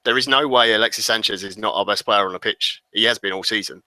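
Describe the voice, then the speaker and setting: A man's voice: on the low side, fast, bright, forceful tone, no echo, rough recording. A man on a football podcast panel, arguing his point insistently in casual chat. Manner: argumentative, insistent.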